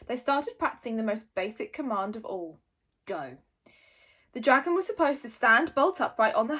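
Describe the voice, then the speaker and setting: A woman reads a children's chapter book aloud, friendly and expressive. Her voice is high and lively, with a breathy edge. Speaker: storybook reader.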